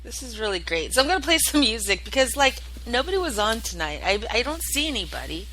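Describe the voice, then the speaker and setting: A woman's voice: on the high side, big pitch swings, fast, fairly bright tone, rough recording. A woman hosting her own internet radio show, chatting casually and rambling with lots of fillers and swearing. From United States. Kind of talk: casual solo chat, answering listener chat.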